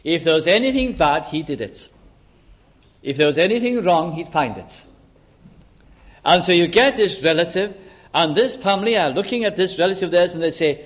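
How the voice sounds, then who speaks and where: A man's voice: sits high, animated, normal speed. A man preaching a sermon, who explains scripture and acts out little dialogues between characters.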